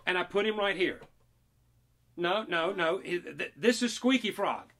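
A man's voice: high voice, expressive, unhurried, a bit bright. A man performing a magic trick and talking children through it with playful, teasing, mock-indignant patter.

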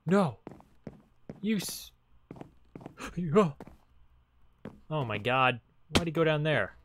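A man's voice: on the high side, slow pace, pauses often, fairly bright tone, soft background music. A young man hosting a casual Let's Play, talking to creatures in the game and reacting with sudden panicky outbursts. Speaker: gaming channel host.

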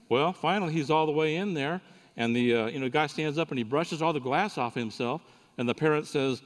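A conference speaker preaching a sermon tells the audience a folksy, joking story. He has a medium-pitched voice and speaks fairly quickly, and the recording echoes with hall reverb.

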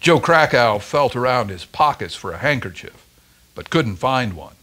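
Expressive male storyteller. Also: mid-range voice, normal speed. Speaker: story reader at a church Advent service. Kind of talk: scripted story reading.

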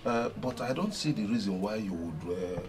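An actor playing a hesitant village elder who haltingly questions the angry brother. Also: male voice, on the low side, animated, lightly acted.

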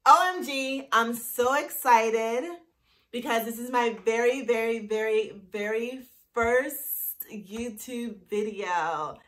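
A woman's voice: a little high, slow pace, a bit bright. A woman in her thirties sharing a personal testimony in a casual, bubbly vlog, laughing often. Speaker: vlogger.

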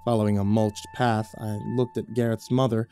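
A man reading a horror story as narrator, measured and low-key, on a close studio mic. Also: flat delivery, dark tone, soft background music.

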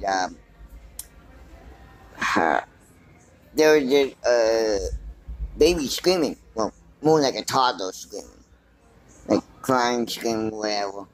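Slow, rambling man vlogging in a store. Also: medium pitch, poor audio. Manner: rambling, thinking aloud. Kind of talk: casual walk-and-talk vlog. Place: inside a large store. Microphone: handheld phone.

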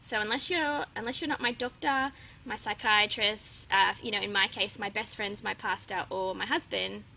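Chatty woman with a bright voice. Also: mid-range voice, steady tone, normal speed, vocal fry, slight background noise, poor audio. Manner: open, chatty, laughs often, many fillers. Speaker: guest. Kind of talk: casual interview chat.

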